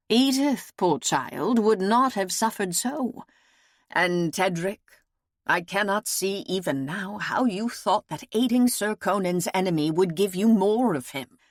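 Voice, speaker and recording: A woman reading an audiobook, voicing a weary old woman seer who speaks slowly and gravely. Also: mid-range voice, animated, no room sound, studio quality. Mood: solemn. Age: older. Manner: slow, solemn, measured.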